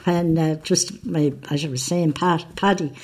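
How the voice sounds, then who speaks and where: A woman's voice: low voice, fairly even intonation, unhurried, background noise. An older woman with an Irish accent, telling family stories in a rambling way with many fillers. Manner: rambling anecdotal, hesitant fillers. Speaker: interviewee. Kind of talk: casual reminiscing.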